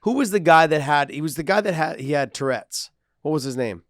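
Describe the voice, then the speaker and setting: Profane ex-fighter telling stories. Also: male voice, fairly high pitch, lively intonation, brisk, fairly bright tone, dry recording, clean studio sound. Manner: profane storyteller, acts out quotes. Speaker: podcast co-host, former fighter. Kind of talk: casual chat.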